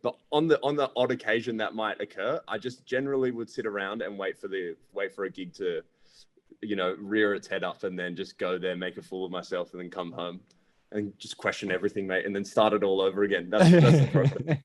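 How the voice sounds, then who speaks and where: A man's voice: low voice, fairly even intonation, fairly quick. A man, a comedian guest, chatting over a video call with joking, self-mocking humor. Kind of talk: casual chat.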